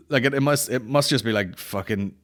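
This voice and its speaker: A man's voice: medium pitch, measured pace. A man, hosting a podcast and telling a rambling, sweary comedic story with lots of restarts. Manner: sweary, rambling, animated anecdote with frequent restarts. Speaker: podcast host.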